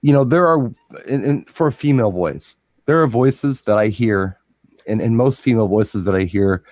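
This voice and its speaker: Rambling, low-voiced man DJ chatting. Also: lively intonation, darkish tone, dry recording. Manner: rambling storyteller, repeats words, breaks into quick impressions. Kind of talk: casual chat.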